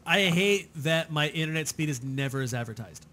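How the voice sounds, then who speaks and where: A man's voice: a little high, a little fast, background noise. A young man co-hosting a comedy podcast, ranting casually with plenty of swearing. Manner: profane, animated ranting with laughs. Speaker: podcast co-host.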